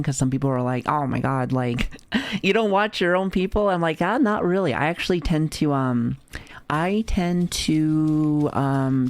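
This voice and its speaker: A man's voice: fairly high pitch, darkish tone, no echo. Rambling, foul-mouthed male streamer. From United States. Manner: rambling, profane, chatty, with many fillers and restarts. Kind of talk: casual livestream chat reacting to chat.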